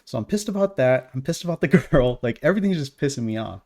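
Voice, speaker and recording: A man in a middle register tells a story with a lot of swearing and plenty of heat. His delivery is animated and conversational, the way a podcast co-host riffs with a friend. The tone stays casual and worked up. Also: mid-range voice, fast talker. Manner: profane, animated storytelling, heated.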